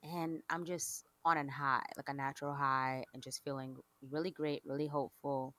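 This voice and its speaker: A woman's voice: a bass voice, level tone, normal speed, fairly bright tone, no room sound. A woman co-hosting a podcast, chatting in an upbeat, easygoing way. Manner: upbeat, chatty, laughs easily. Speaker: podcast co-host. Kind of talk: casual chat.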